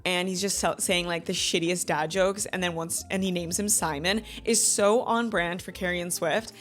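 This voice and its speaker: A chatty woman in her thirties gushes and rants through a book review, laughing often and slipping into quotes as she retells the plot. Her voice sits a little low for a woman. Soft music plays quietly underneath. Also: steady tone, normal speed. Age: 30s. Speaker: book club host. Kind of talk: casual book review chat.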